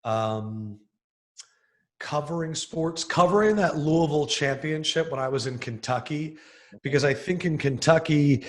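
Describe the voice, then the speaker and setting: A young man, a sports TV host from the Philadelphia area, telling stories in a casual podcast interview with animated, excited bursts. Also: on the high side, a little slow.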